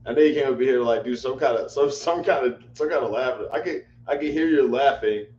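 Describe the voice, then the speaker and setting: A man's voice: medium pitch, fast, a little mellow. A man hosting a casual livestream chat, rambling and repeating himself in exasperation. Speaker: livestream host. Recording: echoey room, dull lo-fi mic, faint hum.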